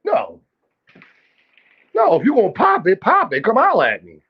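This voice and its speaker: A brash, trash-talking male streamer riffs on boxing and calls out his chat with a high-pitched, animated voice. His profane banter sits in dull, lo-fi stream audio. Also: normal speed, breathy edge. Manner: addresses chat directly, calls out viewers. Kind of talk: live-stream boxing commentary.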